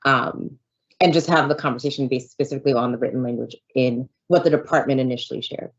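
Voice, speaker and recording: A woman negotiator in a virtual meeting who speaks in a measured way, with some fillers. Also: a bass voice, dull audio. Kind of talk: meeting discussion. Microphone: video call.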